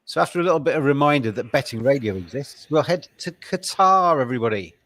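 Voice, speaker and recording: A man's voice: medium pitch, expressive, fast, over loud music. A man hosting a casual golf betting podcast, jokey and heavy on "um" and "uh" as he reads out odds. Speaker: podcast host.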